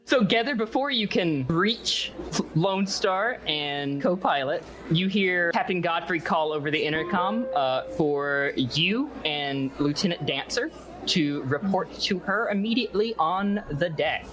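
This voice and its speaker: A man's voice: high-pitched, animated, unhurried, music in the background, poor audio. A man running a tabletop game as game master, narrating loosely with many fillers.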